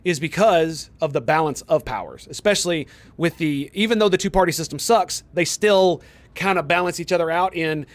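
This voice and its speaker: A young male streamer in casual chat with viewers, getting worked up and profane as he argues. His voice sits a little higher than most men's. He keeps firing rhetorical questions back at the chat. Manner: heated, profane ranting at chat; argumentative, fires rhetorical questions. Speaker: game streamer.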